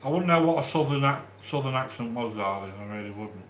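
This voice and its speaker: A man from the English Midlands with a Midlands accent, hosting a live stream and chatting warmly with viewers as he reads their comments, with frequent restarts. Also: mid-range voice, lively intonation, fast talker, reverberant, slight background noise. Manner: chatty and affectionate, with many restarts. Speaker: livestream host reading chat. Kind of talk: casual live-stream chat.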